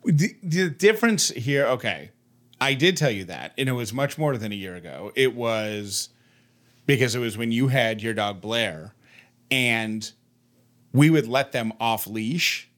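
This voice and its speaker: A man co-hosting a podcast in casual chat, animated and playfully mimicking others as he tells stories. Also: medium pitch, a little slow. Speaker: podcast co-host.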